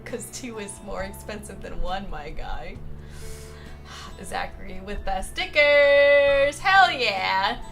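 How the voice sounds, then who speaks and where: A young woman streamer reading chat aloud in a casual, playful way, laughing often and exclaiming loudly when excited. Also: medium pitch, takes it slowly. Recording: music playing behind.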